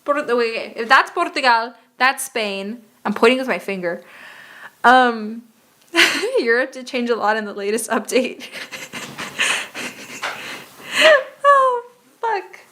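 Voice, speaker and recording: A woman's voice: fairly high pitch, expressive, measured pace, bright, forceful tone. A young woman streaming a geography game, chatting casually and muttering profanely in exasperation as she plays.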